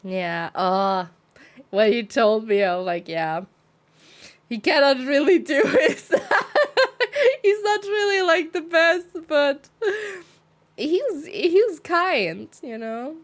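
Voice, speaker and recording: A young woman streaming, chatting casually in a relaxed way and laughing easily. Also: high-pitched, slow, pauses often. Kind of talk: casual chat.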